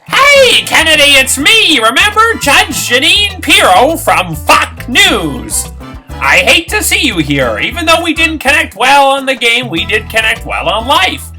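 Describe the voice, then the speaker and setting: Brief: male performer as loud, flattering woman pundit, bright and lively. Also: extremely high pitch, measured pace, soft background music, pitched above the performer's own voice, heavily acted. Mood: gushing. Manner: effusive, flattering. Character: brash woman TV judge, gushing.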